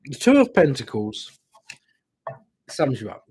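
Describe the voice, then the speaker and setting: A man hosting a live-streamed tarot reading, talking gently and reassuringly and checking in with the listener as he goes. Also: mid-range voice, very animated, unhurried, breathy edge, no room sound. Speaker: tarot reader and stream host.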